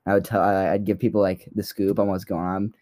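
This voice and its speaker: A man's voice: sits low, level tone, quick pace, a little mellow. A young man co-hosting a podcast, talking in a rambling casual way with many fillers and turning heated and blunt when riled. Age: young adult. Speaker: podcast co-host.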